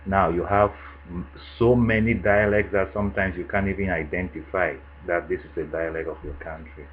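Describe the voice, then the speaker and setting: A man with a Cameroonian English accent, casually answering questions in a vlog, relaxed and chatty with frequent fillers. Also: low voice, normal speed, narrow, tinny audio, slight background noise. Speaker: vlogger answering a tag. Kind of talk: casual monologue.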